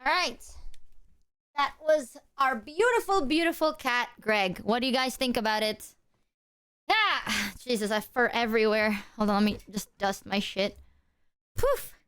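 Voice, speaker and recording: Giggly young woman chatting on her stream, kinda high voice, super dry desk mic. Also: moderate pace, smooth, dry recording. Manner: animated, giggly, talks to her cat. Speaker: livestreamer. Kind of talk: casual live-stream chat.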